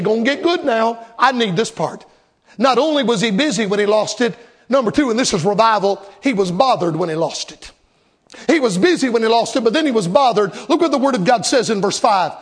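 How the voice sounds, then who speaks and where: A man's voice: very high-pitched, animated, a little fast, husky. A man preaching a revival sermon as a Baptist preacher, emphatic and dramatic, repeating lines for effect.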